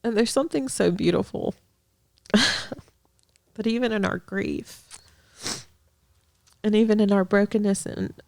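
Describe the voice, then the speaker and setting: A young adult woman sharing a heartfelt faith testimony as a guest in a conversation, earnest, with soft laughs and restarts. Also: medium pitch, slow pace, creaky, pauses often, dry recording, clean studio sound. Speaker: podcast guest, ministry director.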